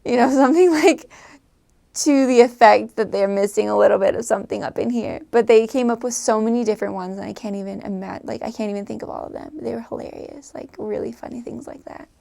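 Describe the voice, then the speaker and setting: A woman's voice: fairly high pitch, quick pace, gravelly, dark tone. A young woman from the United States casually telling stories to camera in an amused, chatty way. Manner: chatty, amused, often laughing. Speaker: vlogger recalling life abroad.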